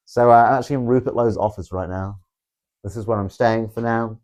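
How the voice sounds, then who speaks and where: Fast and fairly even in intonation, this man's voice sits on the low side with a darkish tone. He's a livestream host in his 20s, reading comments from viewers in a rambling, sarcastic, profanity-heavy way.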